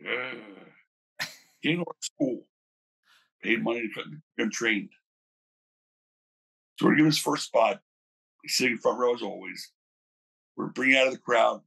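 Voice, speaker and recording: An older man, a former wrestling promoter, telling animated stories in a casual interview, acting out the people he quotes. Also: medium pitch, a little slow, vocal fry, pauses often. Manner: animated storyteller, acts out quoted voices.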